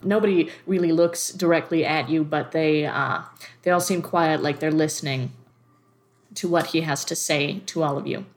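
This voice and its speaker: A woman narrating a tabletop game as game master, relaxed and often laughing. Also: low voice, normal speed. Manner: relaxed, giggly, many fillers.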